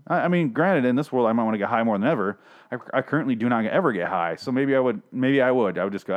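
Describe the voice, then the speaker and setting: This TV reviewer has a mid-range, expressive voice, talks fast, and is captured on lo-fi audio. His casual solo recap is a profane, sarcastic rant that rambles with constant restarts.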